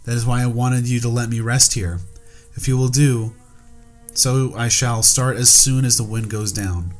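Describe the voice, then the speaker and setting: A man's voice: mid-range voice, steady tone, normal speed, soft background music, natural voice. Man voicing a young snow spirit woman. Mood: calm. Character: pretty young female snow spirit, calm.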